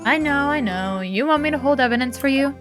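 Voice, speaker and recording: A woman's voice: high-pitched, lively intonation, a little fast, fairly bright tone, soft background music. A woman voicing a playful, pouty teenage girl talking to her older sister, read aloud from a game.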